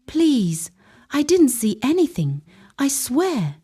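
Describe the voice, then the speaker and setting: Terrified witness, voiced by a woman, desperate begging, high and husky. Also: very animated, slow, warm tone, full character voice. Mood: pleading. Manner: pleading, desperate.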